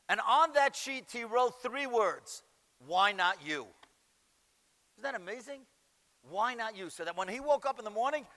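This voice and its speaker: A high-voiced man delivers an emphatic rabbinic lecture, peppered with rhetorical questions. His tone is bright and forceful. The sound rings with the long reverb of a big hall. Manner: emphatic, rhetorical questions, Yiddish and Hebrew terms. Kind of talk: animated Torah lecture to a large gathering.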